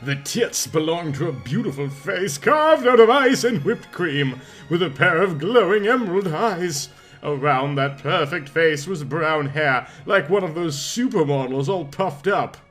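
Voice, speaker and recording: A man reading a pulp story aloud in a lively, expressive narration. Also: a little high, unhurried, faint music behind. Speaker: story reader.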